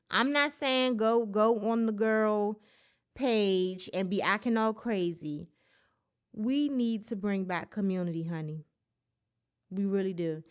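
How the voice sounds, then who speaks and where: A woman's voice: medium pitch, a bit bright. A woman hosting a solo podcast, ranting in casual commentary with incredulous, profane outbursts and speech. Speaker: podcast host.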